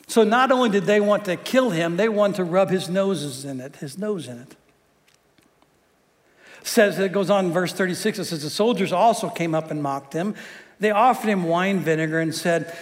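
A male pastor with a high-pitched voice preaches at a moderate pace. His sermon is conversational and joking, and he frequently repeats words, all heard through a long hall reverb.

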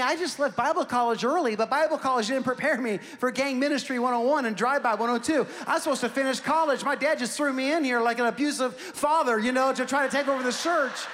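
A young man preaching as a pastor, telling a story with self-mocking humor in an animated way. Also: extremely high pitch. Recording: long hall reverb.

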